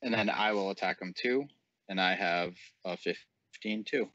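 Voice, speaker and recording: A man at a tabletop game gives short, offhand replies in casual table talk. His voice is lowish and bright, and the recording is dull, lo-fi and dry. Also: a little slow, no echo. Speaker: player.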